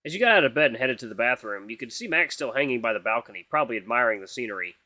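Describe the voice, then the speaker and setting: A man reading a visual novel aloud with playful, animated asides. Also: mid-range voice, very fast, no room sound.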